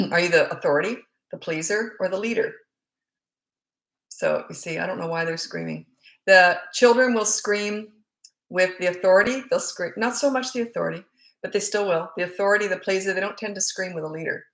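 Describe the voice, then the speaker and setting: A woman's voice: on the low side, fairly quick. A woman, a parenting coach, chatting bluntly as she reads out viewer comments and answers them. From Australia. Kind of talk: casual live Q&A chat. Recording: roomy echo.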